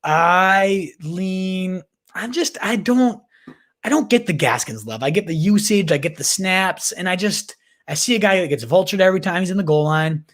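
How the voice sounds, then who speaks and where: Hosting a casual fantasy football Q&A livestream, this man speaks at a moderate pace in a fairly bright, high-sitting voice. His hyped, slangy chatter includes calling viewers "baby" and "my dude," with frequent restarts and repeated words mid-thought.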